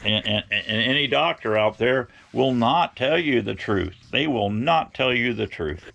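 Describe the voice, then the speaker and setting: A man's voice: mid-range voice, animated, measured pace, gravelly, fairly bright tone. A middle-aged man telling rambling, folksy stories to his viewers, blunt and opinionated. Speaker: outdoor vlogger.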